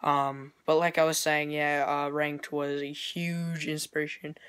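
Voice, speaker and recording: A young man, a video creator, casually thanking his inspirations, rambling and hesitant with lots of fillers but excitable and enthusiastic. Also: fairly high pitch, a little slow, clear, resonant tone. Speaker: YouTube intro creator. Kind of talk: casual vlog thank-you talk.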